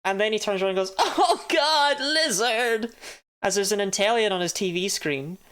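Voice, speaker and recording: A woman's voice: medium pitch, fairly even intonation, quick pace, smooth. A woman chatting casually while streaming a game, laughing often and swearing now and then. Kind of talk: casual live-stream commentary.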